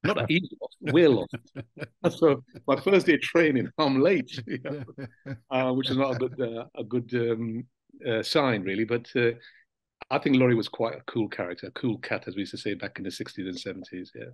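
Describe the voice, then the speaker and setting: Older man reminiscing in relaxed tones. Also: mid-range voice, moderate pace, no echo. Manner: relaxed, reflective storytelling with frequent fillers and soft laughs. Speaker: interview guest, former footballer. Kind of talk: casual reminiscing interview.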